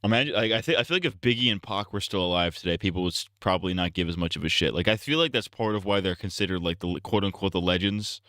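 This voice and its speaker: A man's voice: sits low, fast talker, hardly any pauses, pushed and bright, no echo, clean studio sound. A man streaming live, ranting casually in a profane, rambling, blunt way.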